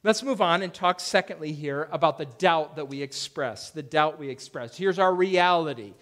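A male pastor preaching a conversational sermon, acting out quoted lines with a raised, louder voice. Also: normal speed. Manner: conversational preaching, acts out quoted voices with rising pitch and loudness. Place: church.

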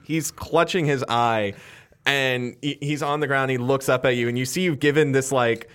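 A man's voice: mid-range voice, steady tone, moderate pace, fairly bright tone, clear, resonant tone. A man running a tabletop game, narrating scenes in a loose way with many fillers. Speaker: game master.

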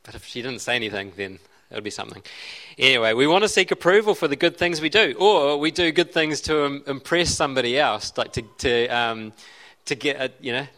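A man's voice: medium pitch, a little fast, sharp tone. A man preaching a sermon as a pastor, conversational, with frequent restarts and side remarks. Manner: conversational, self-interrupting with restarts and asides.

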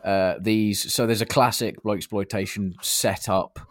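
A man's voice: on the low side, fairly even intonation, unhurried, no echo, studio quality. A man co-hosting a podcast, chatting eagerly about films and acting out lines from them. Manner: enthusiastic, acts out film lines. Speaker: podcast co-host. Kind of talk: casual film chat.

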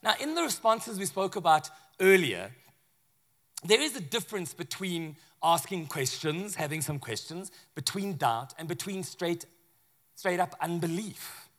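Bright, high-voiced preacher. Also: male voice, unhurried. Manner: conversational and animated, with acted asides. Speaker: pastor. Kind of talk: sermon.

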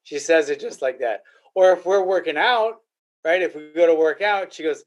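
A man's voice: on the high side, lively intonation, normal speed. An older man hosting a casual podcast, talking in a blunt, rambling, repetitive way. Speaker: podcast host.

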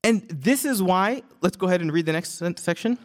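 A high-pitched man teaches a class on a religious verse. He talks in a loose, conversational way, asks himself questions and restarts his sentences. Now and then he recites the verse quickly. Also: animated. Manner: conversational, thinks aloud with restarts and rhetorical questions. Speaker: Islamic teacher. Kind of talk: explaining a text to a class.

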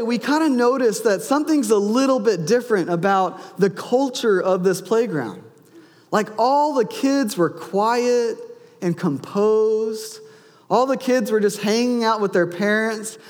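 A man in his thirties preaches a sermon, telling a family story and acting out the voices in it. His voice sits high for a man. A long hall reverb trails each phrase, as in a church sanctuary. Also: a little slow. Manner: storytelling, acts out his son's and his own lines. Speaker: pastor.

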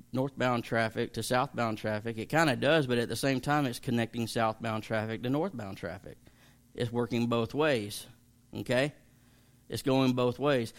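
A man, a pastor teaching an evening Bible study in a chatty, emphatic way that jokes with listeners. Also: mid-range voice.

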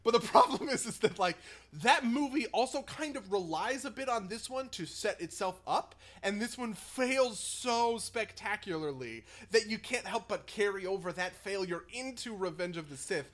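A man with a fairly high voice talks in loose, animated conversation, building his argument point by point. He swears freely and laughs between points. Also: moderate pace. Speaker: podcast co-host. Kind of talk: casual chat.

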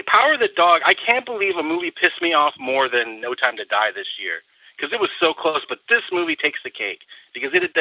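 A man's voice: fairly high pitch, sharp tone, dry recording. Ranting man over a muffled line. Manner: angry, profane, ranting. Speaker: co-host film critic. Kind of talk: casual podcast rant.

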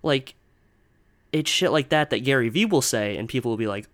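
A man's voice: medium pitch, expressive, normal speed, a bit bright. Young man ranting, exasperated. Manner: exasperated, swearing, rambling with many "like"s. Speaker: podcast host. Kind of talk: casual solo rant.

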